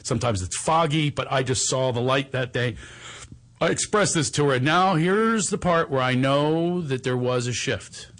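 A man's voice: mid-range voice, normal speed, fairly bright tone. A man, a comedian, telling a personal story in a conversation, laughing often and acting out what others said. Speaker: comedian guest.

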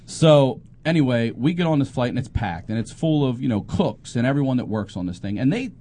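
A man's voice: medium pitch, brisk. A man, a comedian and podcast host, telling a story in casual chat, swearing often and acting out quotes. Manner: profane, animated storytelling with acted quotes.

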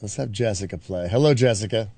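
A man hosting a call-in game on the radio, running it with quick, laughing patter. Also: lowish voice, warm tone, no room sound. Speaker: radio host.

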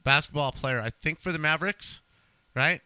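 A middle-aged man recounts stories to his co-hosts with easy emphasis. His voice is very bright and sharp. The sound is dry and close. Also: on the high side, normal speed, smooth, dry recording. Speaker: podcast co-host. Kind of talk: casual chat.

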